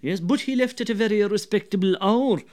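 An older Irish man voicing an evasive country publican, soft and placating. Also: high voice, brisk, pitched above the performer's own voice, lightly acted.

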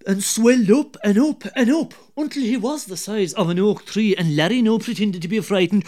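A man with an Irish accent telling a folk tale, lively and dramatic, dropping to hushed asides. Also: high-pitched, normal speed, few pauses. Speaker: storyteller.

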